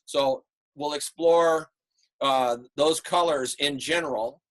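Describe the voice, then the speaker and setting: A man teaching an online art class over a video call, relaxed and rambling with many fillers. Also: a little high, takes it slowly. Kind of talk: online class lecture and critique.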